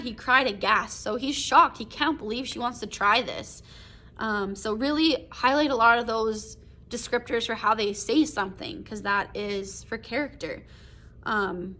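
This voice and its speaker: In a casual recorded lesson, a woman English teacher reads passages of a short story aloud, then explains them with many fillers such as "um", "like" and "right?". Her voice is on the high side, bright and forceful, at normal speed.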